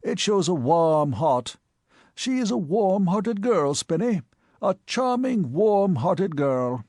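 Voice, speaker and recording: A man voicing a genial, pompous elderly gentleman in an audiobook, fussy and self-satisfied. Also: sits high, very animated, slow, no room sound, clean studio sound, voice pushed up, exaggerated voice. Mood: beaming. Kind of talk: audiobook character voice.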